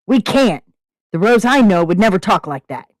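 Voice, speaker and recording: A woman's voice: sits low, fast, no echo, natural voice. A woman reading a story aloud, voicing a blunt, impatient young man. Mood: upset.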